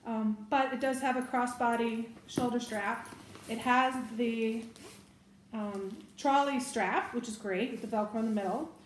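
A woman's voice: on the high side, steady tone, unhurried, echoey room, a little hiss or hum. A woman giving a casual product review of bags, chatty and giggly with self-correcting asides. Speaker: bag reviewer.

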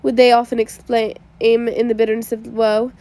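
A woman's voice: on the high side, level tone, moderate pace, warm tone, no room sound. A woman reading a classic novel aloud as an audiobook, with small slips and restarts along the way. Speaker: audiobook reader.

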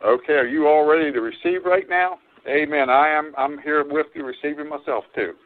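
A man's voice: a little high, a little fast. A man preaching an earnest radio sermon as an evangelist, repeating his exhortations with frequent fillers. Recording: tinny phone-line broadcast.

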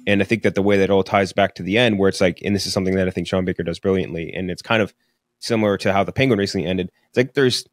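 A man's voice: low voice, fairly even intonation, racing, dry recording, clean studio sound. A young man co-hosting a podcast, reviewing a film in casual chat, rambling with lots of fillers and swearing. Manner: rambling, filler-heavy, profane. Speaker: podcast co-host. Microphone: studio podcast mic.

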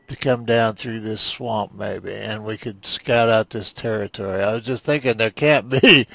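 Gravelly man muttering through gameplay. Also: mid-range voice, dry recording. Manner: rambling, self-deprecating, mutters to himself. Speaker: gameplay commentator. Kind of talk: casual let's play commentary.

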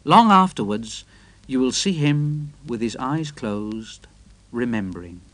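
A man reading a children's railway story aloud, gentle and expressive. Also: mid-range voice, takes it slowly, dry recording.

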